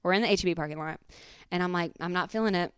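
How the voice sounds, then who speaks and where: A woman, hosting a podcast and telling a profane, animated story in casual chat. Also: fairly low pitch, very fast, clear, resonant tone, no room sound, clean studio sound. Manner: animated, profane, acts out quotes. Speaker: podcast host.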